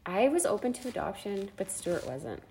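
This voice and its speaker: A woman's voice: mid-range voice, big pitch swings, moderate pace, darkish tone. A woman co-hosting a podcast who asks careful questions and answers in a supportive way, in casual chat. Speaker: podcast co-host.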